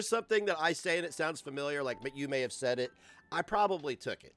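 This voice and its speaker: A man's voice: a little high, animated, fast, fairly bright tone, faint music behind. A man hosting a livestream in a casual, rambling rant, profane and self-mocking. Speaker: livestream host.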